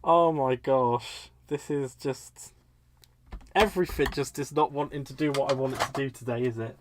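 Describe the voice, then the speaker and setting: A British man hosts a live crafting stream, chatting casually in a mid-range voice with a steady tone and moderate pace. He's self-deprecating and laughs often at his own mistakes as he works, over heavy background noise.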